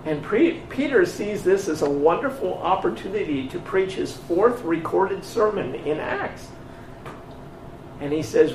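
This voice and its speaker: A man delivers a sermon in a high, gravelly voice, taking his time and leaning on key words. He is recorded from some distance in an echoey room, with faint ambience behind him. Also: expressive, darkish tone, slight background noise. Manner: slow, emphatic storytelling with voiced dialogue. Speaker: preacher. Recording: echoey room picked up from afar.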